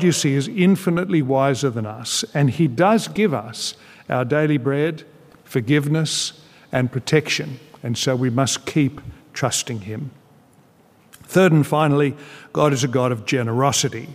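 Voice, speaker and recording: A male preacher delivering a sermon in an earnest, measured way and leaning on emphatic pauses. His voice sits at an ordinary middle pitch. It carries a long reverb, as if from a large church hall.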